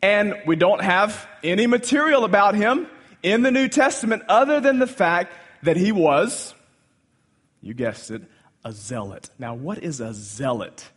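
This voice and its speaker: Animated preacher with big swings. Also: male voice, sits high, unhurried, slightly rough. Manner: teaching, with sudden swings from quiet to loud and emphatic. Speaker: pastor. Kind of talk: sermon.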